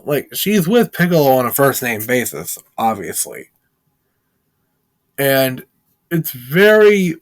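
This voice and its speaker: Man, film reviewer, rambling casual recap, fillers, medium pitch, dry sound. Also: fairly bright tone, dry recording. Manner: rambling, heavy with filler words.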